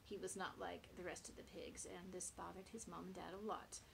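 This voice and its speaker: A woman teacher reading a picture book aloud to young children, expressive and friendly. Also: lowish voice, brisk, gravelly, noisy background.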